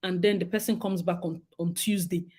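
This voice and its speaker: A Nigerian woman co-hosting a talk show, chatting in a lively, dramatic way with frequent laughs and asides. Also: lowish voice, fairly quick, slightly rough. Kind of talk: casual chat.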